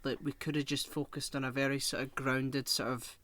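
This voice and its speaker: A man's voice: mid-range voice, little pitch movement, fairly quick, sharp tone. Exasperated ranting young man. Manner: exasperated, sweary ranting, lots of "like". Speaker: podcast co-host. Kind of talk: casual chat.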